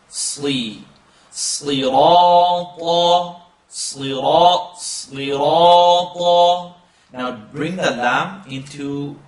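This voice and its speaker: A man's voice: mid-range voice, fairly bright tone, roomy sound, recorded from a distance. A man teaching pronunciation of a recited text, drawing out each syllable and chanting phrases as he demonstrates. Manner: slow drawn-out demonstration of sounds, chanting recitation. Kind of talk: pronunciation lesson.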